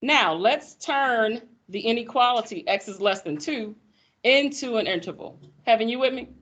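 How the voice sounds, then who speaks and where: A woman teaching math in a classroom, lively and folksy, teasing her students as she explains. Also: on the high side, normal speed. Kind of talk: classroom lecture.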